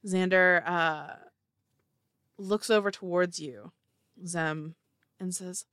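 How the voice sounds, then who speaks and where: A woman narrating a tabletop game as game master, with an animated delivery. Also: fairly low pitch, slow, long pauses, dry recording, studio quality.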